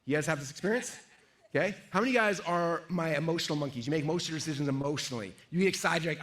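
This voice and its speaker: A middle-aged man runs a live sales seminar, talking quickly in a slightly raised voice. He keeps checking in with the crowd and acts out the voices inside people's heads. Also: on the high side. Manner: energetic, asks the audience questions, acts out inner voices. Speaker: sales trainer. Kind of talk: live seminar talk to an audience.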